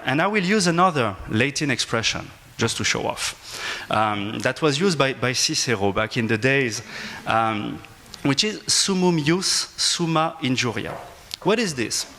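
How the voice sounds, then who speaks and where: A man with a French accent speaks as an academic on a conference panel. He pauses often, fills gaps with fillers and restarts his phrases. His pitch sits in the middle range. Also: a bit bright. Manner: hesitant, frequent restarts and fillers. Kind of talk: panel discussion remarks.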